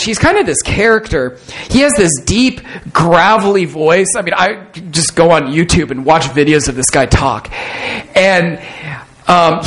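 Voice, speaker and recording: A man preaching in a loose, conversational way, with a voice sitting a little higher than most men's. He pokes fun at himself and keeps restarting sentences as he talks to his congregation. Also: a bit bright, low-quality recording. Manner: conversational, self-deprecating, with repeated restarts. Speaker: pastor. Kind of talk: sermon.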